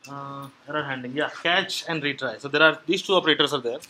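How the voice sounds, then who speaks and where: A man's voice: fairly high pitch, fast talker, bright, forceful tone, a little hiss or hum, poor audio. A man presenting a technical meetup talk, explaining step by step with many fillers and restarts. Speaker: meetup speaker on Android programming. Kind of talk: live technical talk with audience questions. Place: meeting room at a tech meetup.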